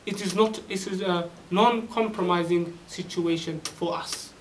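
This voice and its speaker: A man's voice: high voice, steady tone, measured pace, far from the mic, a little hiss or hum, rough recording. A man giving a religious lecture, preaching emphatically with rhetorical questions and quoted Arabic scripture. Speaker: Islamic preacher.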